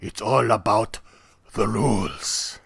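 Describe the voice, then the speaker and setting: A man putting on a theatrical vampire count opens the show in a slow, grandly stretched-out delivery. The vampire count's tone is bright and forward, and it sits dry and close. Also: fairly low pitch, vocal fry, slightly rough, no echo, voice pushed down, full character voice. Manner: slow, grandly drawn-out welcome. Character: male vampire count, theatrical night host. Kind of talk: podcast intro.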